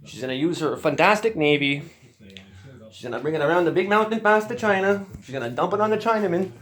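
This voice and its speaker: A man's voice: high voice, quick pace. A man telling a rambling story as a podcast guest, swearing often and ranting with energy. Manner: profane, animated ranting.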